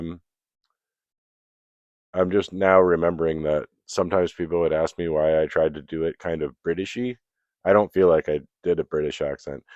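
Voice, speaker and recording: Deep-voiced podcast guy chatting solo, laid back, bit hesitant, dry muffled sound. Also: no room sound. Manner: relaxed, self-deprecating, hesitant. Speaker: podcast host. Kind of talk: casual solo talk and reading an essay. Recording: dull, dry recording.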